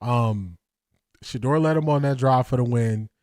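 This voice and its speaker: Excitable, breathless male stream host, mid-pitched voice, dry close sound. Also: unhurried, no echo. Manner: excitable, laughing, addresses viewers as y'all. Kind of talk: live watch-party commentary.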